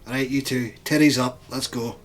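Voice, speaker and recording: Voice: mid-range voice, steady tone, normal speed, soft background music. A player in a tabletop game, talking bluntly and swearing freely.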